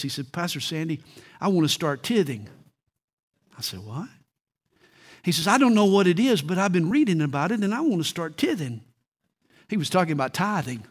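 A middle-aged male pastor delivering a sermon, telling stories and slowing down to stress key points. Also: high voice, a bit bright.

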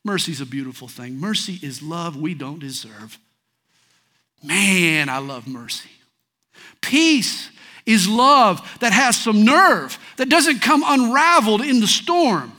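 A man preaching a sermon in a folksy way, swinging between loud declarations and soft asides. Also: high-pitched, sing-song, takes it slowly. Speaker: pastor.

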